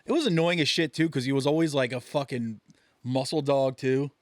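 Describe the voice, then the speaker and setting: A man's voice: mid-range voice, fairly quick, no echo, studio quality. A man co-hosting a podcast, telling crude stories in casual chat and acting out the voices of the people in them. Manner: profane, animated storytelling with acted-out voices. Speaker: podcast co-host.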